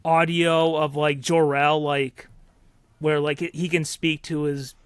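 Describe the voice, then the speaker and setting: High-voiced chatty man podcaster. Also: little pitch movement, slow, clean tone, no room sound, clean studio sound. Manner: chatty, rambling with fillers and restarts. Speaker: podcast co-host. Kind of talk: casual chat.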